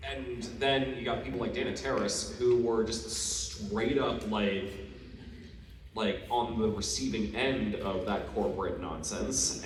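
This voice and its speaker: A man's voice: mid-range voice, darkish tone. A man on a convention panel answering fans in a blunt, joking manner. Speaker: voice actor panelist. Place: large convention hall. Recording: echoey hall from far off, noisy.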